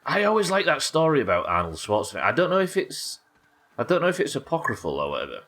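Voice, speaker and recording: His pitch swoops wildly and he talks fast in a mid-range, fairly bright voice. The speaker is a young Yorkshire livestreamer giving casual gameplay commentary, cursing freely and chatting with viewers.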